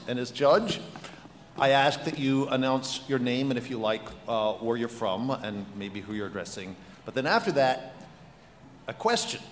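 A man's voice: on the high side, a little hiss or hum. Dry-humored man moderating a panel. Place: large conference hall. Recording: roomy hall with long reverb.

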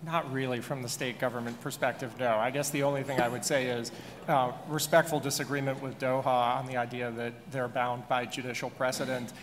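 A man on a panel argues a point with firm emphasis. His delivery is steady and sure. The hall gives his voice a long reverb, with faint noise behind. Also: mid-range voice, brisk. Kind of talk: panel discussion.

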